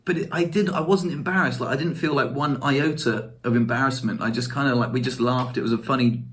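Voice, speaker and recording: A young man telling stories in a casual vlog, chatty and self-mocking, laughing often. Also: medium pitch. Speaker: vlogger.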